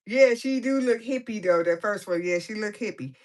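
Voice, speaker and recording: A woman's voice: medium pitch, darkish tone. Chatty, playful woman vlogger. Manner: playful, chatty, laughing commentary. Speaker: coloring vlogger. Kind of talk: casual chat while coloring.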